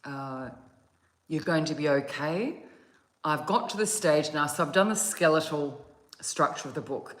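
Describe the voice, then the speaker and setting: Female meditation host, casual home vlog, slow, gentle and meandering, roomy phone sound. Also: low voice. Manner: soft, gentle and meandering, with yawns. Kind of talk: casual chat to viewers. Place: at home, outdoors on a calm day.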